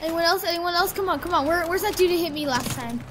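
A woman giving chatty, rambling commentary while playing a video game, breaking into excited yelps. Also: very high-pitched, quick pace. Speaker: gaming commentator. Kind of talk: casual gameplay commentary. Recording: loud background noise.

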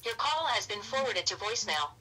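A woman's voice: medium pitch, a little fast, distant mic, heavy background noise. A woman's recorded voicemail greeting playing back over a phone. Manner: flat recorded prompts. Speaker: automated voicemail system. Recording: thin speaker audio from a phone.

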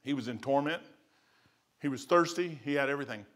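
Fervent pastor, bright forceful voice. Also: male voice, a little high, fairly quick. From United States. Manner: swings from quiet musing to loud fervent testimony. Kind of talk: sermon. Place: church sanctuary.

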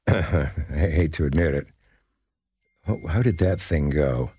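Guest, 80s man from Nebraska; deep, close, anecdotal, often groping for names. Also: warm tone, husky, dry recording. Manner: rambling, anecdotal, pauses searching for names. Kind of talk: casual interview chat.

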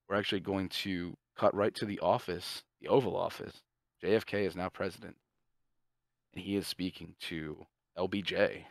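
A man co-hosting a podcast, casually pitching a movie plot in a rambling, profane way and briefly voicing the characters. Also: vocal fry, dry recording. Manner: profane, rambling, acts out characters' lines in quick asides. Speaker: podcast co-host.

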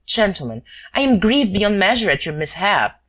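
A woman's voice: medium pitch, big pitch swings, moderate pace, a bit bright. A woman voicing a male police commissary who is exaggeratedly courteous. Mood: mock courtesy.

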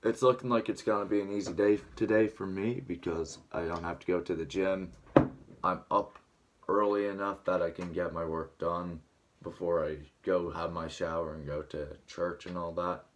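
A man's voice: sits low, steady tone, normal speed. A young man with a dry throat, rambling casually to camera at home early in the morning, still waking up. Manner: rambling, filler-heavy, just waking up. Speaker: vlogger.

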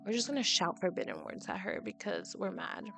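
A woman's voice: fairly low pitch, huge pitch swings, fairly quick, vocal fry, over music. A woman giving casual, chatty gameplay commentary as a let's play host, dramatic and exasperated as she reacts.

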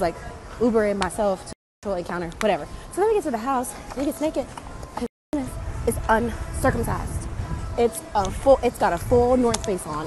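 A woman telling a comic story in a casual, animated, slangy way. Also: medium pitch. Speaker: storyteller in a social media clip.

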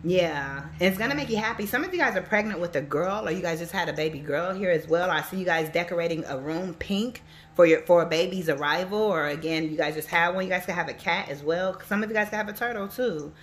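A woman's voice: fairly low pitch, fast talker, slight background noise. Chatty woman giving a psychic reading. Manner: chatty, animated storytelling, addresses viewers directly. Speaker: psychic reader and life coach. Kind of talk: casual spoken reading to viewers.

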